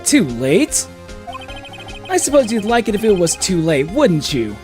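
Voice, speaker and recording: A man's voice: high-pitched, huge pitch swings, a little slow, a little mellow, faint music behind, full character voice. A man voicing an earnest young male defense lawyer in a courtroom game, firm and assertive.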